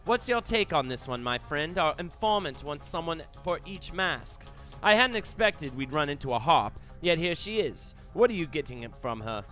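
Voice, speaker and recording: A man's voice: on the high side, big pitch swings, moderate pace, fairly bright tone, faint music behind, voice pushed up. A man reading an earnest young leader.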